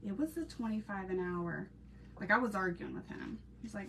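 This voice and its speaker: A woman from Ohio chats through a live crafting stream, laughing often and talking straight to her viewers. Her voice sits at an ordinary middle pitch. It is picked up from a little distance, with a faint hiss of background noise. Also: normal speed, gravelly. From Ohio, USA. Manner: chatty, laughs often, talks to viewers and chat. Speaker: crafting channel host.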